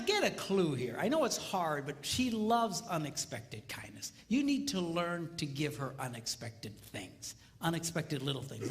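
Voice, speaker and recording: A middle-aged man giving a comedic marriage seminar on stage before a live audience, acting out voices and sounds as he tells stories. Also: fairly high pitch. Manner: animated, acts out voices and sounds mid-story. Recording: reverberant live hall, faint noise.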